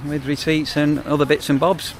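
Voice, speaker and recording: A man's voice: on the high side, flat delivery, moderate pace, slight background noise. A man, a campsite warden chatting casually in a rambling vlog with wry asides. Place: on the move, outdoors and in a car.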